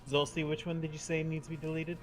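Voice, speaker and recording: A man running a tabletop game as game master, relaxed and halting with plenty of fillers. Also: on the high side, soft background music.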